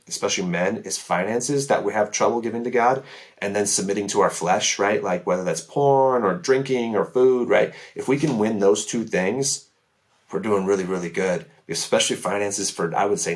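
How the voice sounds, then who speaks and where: A man speaking as a podcast guest, sharing his testimony in an earnest, emphatic way. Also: on the low side. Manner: earnest, emphatic, many "right?" asides. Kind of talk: casual testimony chat.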